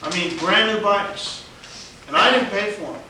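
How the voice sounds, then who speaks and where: Animated high-voiced man in an echoey room. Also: unhurried, a little hiss or hum. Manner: animated, laughs often, acts out other people's lines. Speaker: evangelist telling his testimony. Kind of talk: storytelling conversation. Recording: very echoey room, mic at a distance.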